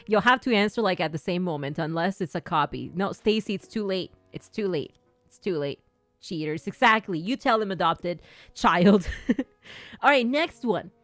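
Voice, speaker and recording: A woman's voice: fairly low pitch, animated, a little slow, pauses often, no room sound, faint music behind. Playful woman streamer teasing her chat. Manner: playful, teasing, laughs often. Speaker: gaming streamer. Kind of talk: livestream chat, playing a strict teacher to viewers.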